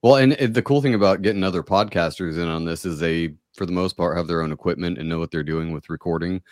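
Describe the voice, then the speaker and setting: A man's voice: low voice, fast, darkish tone, no echo, clean studio sound. A man hosting a podcast, talking bluntly and swearing casually. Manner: blunt, profane. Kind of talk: casual chat on a remote call.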